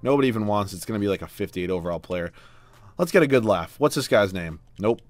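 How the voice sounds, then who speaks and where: A young man giving live video game commentary, exasperated and swinging from low muttering to loud yelling. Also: expressive, fast talker, no echo. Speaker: gaming YouTuber. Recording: dry close mic with faint background music.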